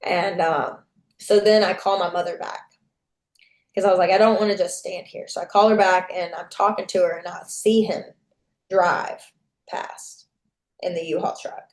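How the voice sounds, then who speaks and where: A woman's voice: on the low side, steady tone, normal speed. A young adult woman, a podcast guest, tells a personal story frankly, swearing freely and acting out what people said. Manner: candid, profane, reenacts dialogue. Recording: echoey room.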